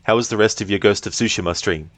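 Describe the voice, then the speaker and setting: A fast-talking man with a voice on the low side streams a game, with no room sound and faint music behind him. Relaxed and talkative, he reads chat aloud, laughs often, and swears every so often.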